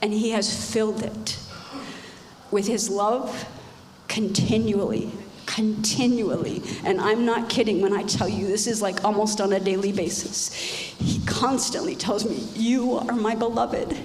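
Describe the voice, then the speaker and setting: A woman's voice: medium pitch, steady tone, a little slow, a little mellow, a little hiss or hum. Older woman giving an emotional church testimony. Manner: earnest, repeats phrases for emphasis. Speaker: panel guest. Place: church stage. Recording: echoey church hall with reverb.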